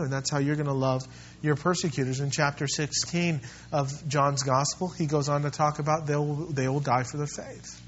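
Man, pastor, church sermon, passionate storytelling, fairly high voice, dull lo-fi recording. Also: fairly even intonation, moderate pace, a little hiss or hum. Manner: passionate storytelling, rises loud then drops soft. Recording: dull lo-fi sound.

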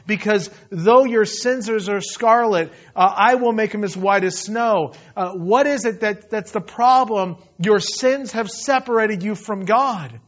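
A man's voice: high-pitched, fairly bright tone. A man preaching a sermon in an impassioned, conversational way, acting out the scripture as he goes. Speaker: pastor. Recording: dull lo-fi recording.

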